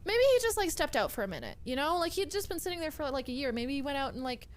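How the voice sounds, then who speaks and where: A woman's voice: high-pitched, very animated, fast talker. A young woman streaming a game live, rambling and calling out over and over. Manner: talks to the game character, rambling and repetitive.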